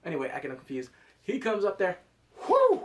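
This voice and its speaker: Animated slangy man reviewing a show. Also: high-pitched. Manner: animated, reenacts scenes with quick voices and sound effects; swears casually, slangy and emotional. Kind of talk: casual episode review.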